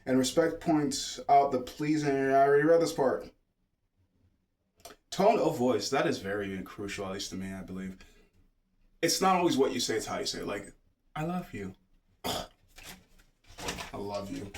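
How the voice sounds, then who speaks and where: A man's voice: medium pitch, moderate pace, pauses often, a little mellow. A man casually reading a children's book aloud, stopping often to ramble and joke. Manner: digressive, jokey, stop-start reading.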